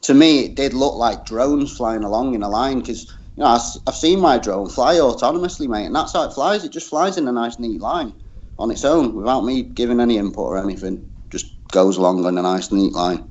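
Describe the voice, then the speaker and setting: A man's voice: medium pitch, a little fast, darkish tone. A man with a Northern English accent, talking bluntly in heated casual chat, swearing and saying "mate" constantly. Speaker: guest debater. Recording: dull lo-fi dry audio.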